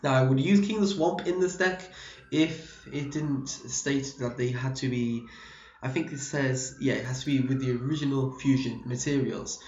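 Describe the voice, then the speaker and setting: A man's voice: mid-range voice, moderate pace, darkish tone, a little hiss or hum. A man from the UK talks through a card game deck in a loose, rambling way, often correcting himself mid-sentence. His voice is a little worn, as if he is slightly losing it. The recording sounds dull and roomy, like a home setup. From United Kingdom. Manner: rambling, self-correcting, explanatory. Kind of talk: casual deck profile explanation.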